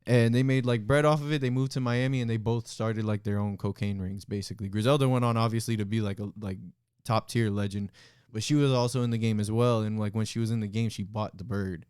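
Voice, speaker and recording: A man's voice: lowish voice, fairly even intonation, fast talker, a little mellow, smooth, no echo, clean studio sound. A young man hosting a podcast, telling stories in a laid-back, slangy way. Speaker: podcast host. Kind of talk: casual chat.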